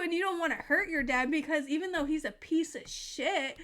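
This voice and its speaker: A woman's voice: high voice, brisk, few pauses, a bit bright. A young woman reacting to a show in casual commentary, emotional, teary and swearing freely. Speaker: reaction video host.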